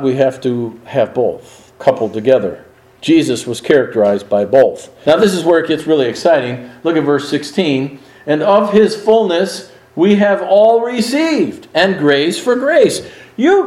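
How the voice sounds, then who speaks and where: A man preaching a sermon in an earnest, emphatic way, swinging his pitch and pace to stress his points. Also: darkish tone, reverberant, low-quality recording.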